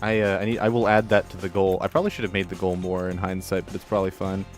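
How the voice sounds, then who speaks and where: A man hosting a casual live stream, chatting while he plays a game and breaking into loud swearing outbursts at it. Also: low voice, fast, soft background music. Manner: excitable, swears and shouts at the game. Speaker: streamer and show host.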